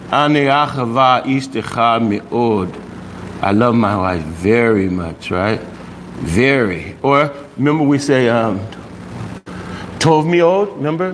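Guy teaching a class, slow and patient, keeps asking okay?, bit higher voice. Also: a little hiss or hum, low-quality recording. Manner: patient, checks understanding with frequent "okay?". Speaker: language teacher. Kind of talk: classroom lesson.

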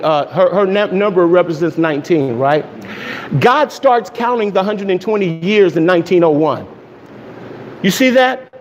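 A man preaching a sermon, excited and emphatic, often asking his listeners questions. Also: sits high. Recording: long echo of a hall, faint noise.

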